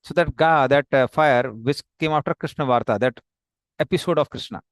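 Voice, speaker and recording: With a mid-range voice at a moderate pace, a man teaches scripture, paraphrasing dialogue and working through the text amid frequent fillers and false starts. The recording is dry and studio-clean.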